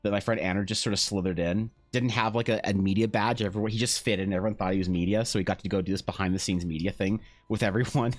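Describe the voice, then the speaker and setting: A man's voice: lowish voice, steady tone, fast talker, soft background music. A young man chatting casually on a live art stream, rambling through a story, swearing and acting out both sides of the conversation. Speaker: streaming artist.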